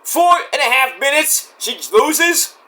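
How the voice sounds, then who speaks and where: A man giving a casual solo review of a wrestling show, excitable and profane, breaking into rants. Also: very high voice, slow.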